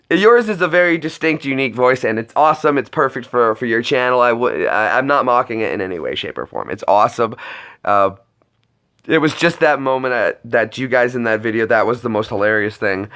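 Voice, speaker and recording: A man's voice: medium pitch, fairly bright tone. A man chatting casually to viewers on a live stream, rambling with lots of restarts.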